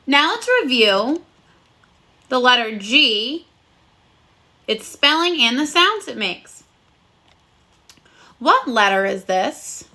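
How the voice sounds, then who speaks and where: A woman's voice: on the high side, big pitch swings, slow pace, pauses often, pushed and bright. A woman teaching a recorded phonics lesson to first graders, speaking in a cheerful, sing-song voice and praising the children often.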